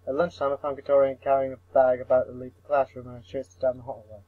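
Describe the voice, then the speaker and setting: A man's voice: mid-range voice, flat delivery, quick pace, hardly any pauses, no room sound, narrow, tinny audio. Mumbling young man reading a story aloud. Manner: mumbling and stumbling over words, with swearing asides. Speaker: reader of a visual novel. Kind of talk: comic read-through of a visual novel.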